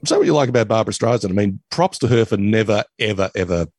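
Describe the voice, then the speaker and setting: Husky man, laughing casual chat. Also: on the low side, animated, fast talker, a little mellow, no echo, clean studio sound. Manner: laughs often, tries impressions. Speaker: podcast co-host.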